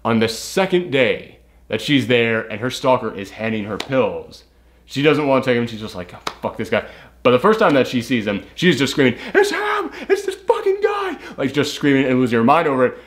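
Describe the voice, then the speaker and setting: A man's voice: medium pitch, lively intonation, fairly quick. A man reviewing a movie in casual chat, rambling and swearing freely, acting out characters' lines in put-on voices. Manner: rambling, frequent "like" and restarts.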